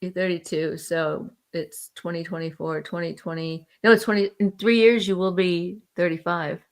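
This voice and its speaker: A woman's voice: lowish voice, fairly even intonation, normal speed. A woman co-hosting a podcast in casual chat, easygoing and often laughing. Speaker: podcast co-host.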